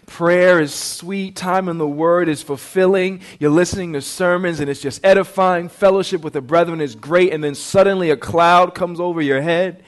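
A man preaching a sermon in an earnest manner, asking the listeners direct questions. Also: high voice. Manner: earnest, rising to impassioned pleading in quoted prayers.

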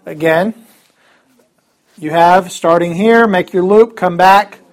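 High-voiced upbeat man teaching a class. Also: slow. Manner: upbeat, chatty, joking asides. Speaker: Greek teacher. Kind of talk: classroom lesson.

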